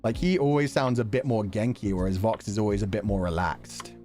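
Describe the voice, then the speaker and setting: A young man chatting casually on a stream, talking fast and laughing often. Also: fairly low pitch, faint music behind. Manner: animated, quick talker who laughs often. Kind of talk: casual chat.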